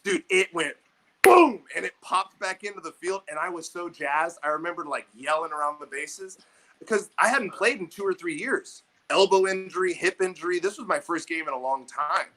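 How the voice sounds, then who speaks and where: A man hosting a podcast, telling a story in casual chat, animated and swearing freely. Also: high voice, moderate pace. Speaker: podcast host.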